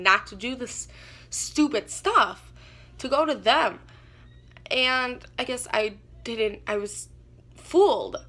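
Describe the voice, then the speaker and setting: A young woman tells a story from her own life to her viewers in a loose, unscripted way. She takes her time, pausing often and leaning on "like" and "you know". Her voice is bright and clear, sitting at an ordinary middle pitch. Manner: halting, full of "like" and "you know". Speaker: vlogger. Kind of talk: casual storytime monologue.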